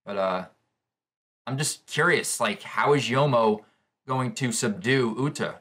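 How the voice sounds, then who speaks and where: A man giving live reaction commentary on a comic chapter, excitable and thinking aloud with restarts. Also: mid-range voice, measured pace. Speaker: comic reaction channel host.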